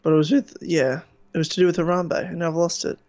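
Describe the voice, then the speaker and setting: A man co-hosting a casual podcast in a fairly high voice, blunt and sarcastic with plenty of swearing. His mic sounds a little dull and lo-fi. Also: flat delivery, fast talker, darkish tone. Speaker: podcast co-host.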